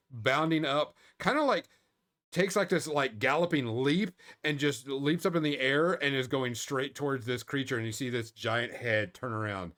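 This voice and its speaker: A man's voice: medium pitch, a bit bright. A man narrating a tabletop game as game master in a loose, casual way, full of fillers and little chuckles.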